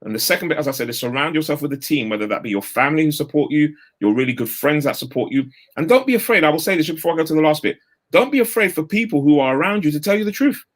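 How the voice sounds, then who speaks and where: A man, giving an energetic, straight-talking motivational talk over a video call. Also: a little high, rapid-fire. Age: 50s. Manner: energetic, straight-talking, uses London street slang. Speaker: guest speaker.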